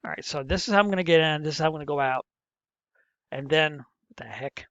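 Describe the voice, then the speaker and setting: Fast-talking and on the high side, this middle-aged male teacher walks through a coding lesson step by step, muttering to himself while he types. The fairly bright voice has no room sound, recorded on a muffled, dull lo-fi mic for a screen-captured lesson.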